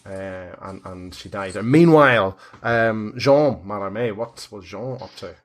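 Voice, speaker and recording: A man's voice: fairly low pitch, a little slow, a little hiss or hum. A man running a tabletop game, recapping casually with lots of hesitant fillers. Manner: hesitant, many fillers, friendly. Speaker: game master.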